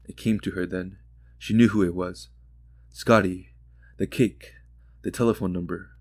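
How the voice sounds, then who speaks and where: Low, measured male narrator for a sleep audiobook, calm reading, dry close studio sound. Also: no room sound.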